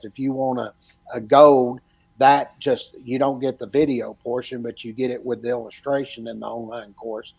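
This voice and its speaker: A man's voice: mid-range voice, gravelly, dark tone. A man hosting a casual podcast about electrical training, talking in a rambling, storytelling way. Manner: rambling storyteller with frequent restarts. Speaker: podcast host and electrical educator.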